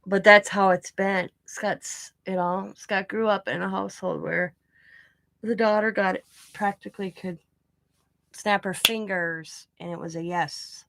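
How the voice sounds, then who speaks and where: A woman hosting a craft channel, casually telling a rambling family story full of asides and lively retold dialogue. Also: mid-range voice, unhurried, vocal fry. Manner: rambling, chatty, full of "you know" asides; animated when retelling quoted dialogue.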